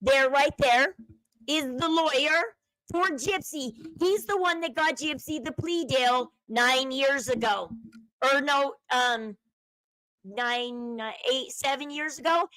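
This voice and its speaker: A woman hosting her own commentary channel, talking in a high, chatty voice. She speculates freely and slips into a hushed murmur to quote others. The sound is dry and close. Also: takes it slowly, dry recording, poor audio. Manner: chatty, speculative, drops to a low murmur when quoting others. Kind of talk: casual commentary over a video clip.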